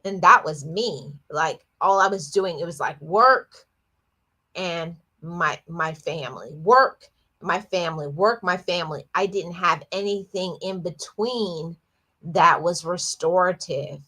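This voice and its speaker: A woman's voice: fairly low pitch, takes it slowly, sharp tone. A woman hosting a livestream, talking earnestly and reflectively about her own life, often repeating words and restarting sentences. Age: adult, lost her father at eighteen years ago. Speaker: livestream host. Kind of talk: reflective personal talk on a livestream.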